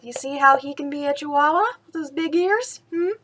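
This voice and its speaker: This woman's voice sits high and moves at a moderate pace as she reads a picture book to a child at bedtime. Lively and quick to laugh, she keeps pausing to chat about the illustrations.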